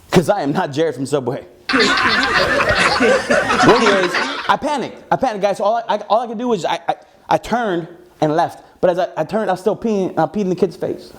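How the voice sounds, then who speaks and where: A man doing stand-up with a high, bright-sounding voice that leaps up and drops low as he tells his story. His delivery is animated and full of swings. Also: quick pace. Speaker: stand-up comedian. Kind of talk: stand-up comedy set.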